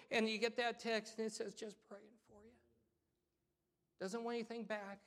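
A middle-aged man preaches a sermon in a relaxed, conversational style. His voice sits fairly high for a man. He restarts phrases, repeats himself and calls out to the congregation as he goes. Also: a little fast. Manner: conversational preaching with repetitions and call-outs. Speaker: pastor.

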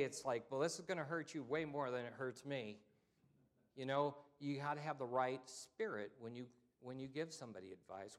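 A man's voice: mid-range voice, fairly bright tone. A middle-aged man, a pastor, preaching a sermon in a conversational way, repeating himself and calling out "amen" to the congregation. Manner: conversational preaching with repetitions and call-outs.

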